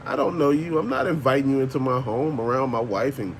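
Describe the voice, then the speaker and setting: A man's voice: medium pitch, a little fast, slight background noise. An older man, ranting bluntly and profanely as a channel host, laughing often. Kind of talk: casual ranting monologue.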